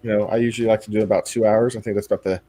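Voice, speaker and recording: A man's voice: on the low side, racing. A man with a Midwestern American accent hosting a live stream, chatting casually and laughing often. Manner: relaxed, laughs often, many restarts. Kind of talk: casual chat.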